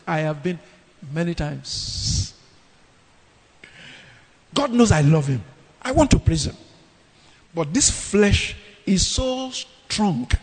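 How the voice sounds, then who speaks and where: Man, preaching a sermon, emphatic, high voice, long hall reverb. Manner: emphatic, with dramatic scripture reading.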